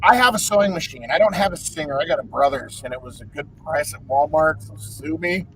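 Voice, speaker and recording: Casting: male podcast co-host, high voice, playful banter, shouty promo bits. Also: a little fast, poor audio. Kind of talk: casual podcast chat.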